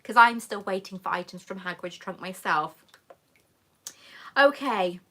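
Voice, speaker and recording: Bright-voiced chatty woman host. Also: mid-range voice, measured pace. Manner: chatty and affectionate, reads viewer comments aloud, calls people darling. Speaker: YouTube host answering live chat questions. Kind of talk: casual live-stream chat.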